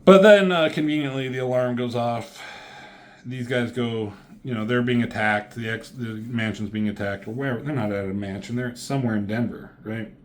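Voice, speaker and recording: A man's voice: medium pitch, normal speed. A man recapping a comic book in a casual, sarcastic way, full of profane asides.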